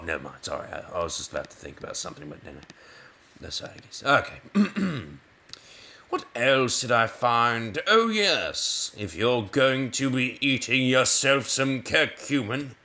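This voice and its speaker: A man chatting his way through a video game in a slow, unhurried delivery. His voice is bright and forward, and his pitch swings up and down a great deal. He rambles, breaks off mid-thought and starts sentences over in a playful way. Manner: rambling, self-interrupting, playful. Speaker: gaming video host. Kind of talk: casual gameplay commentary.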